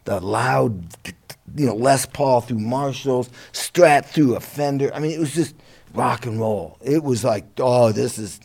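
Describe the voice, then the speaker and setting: A middle-aged musician telling his career story in a relaxed interview, lively and a bit profane, laughing along. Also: medium pitch, unhurried, creaky. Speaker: guest musician.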